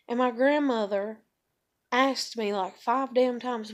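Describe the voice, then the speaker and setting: A woman's voice: on the high side, fairly even intonation, measured pace. A woman in her thirties venting in a rambling, profane monologue from a room at home. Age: 30s. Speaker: vlogger.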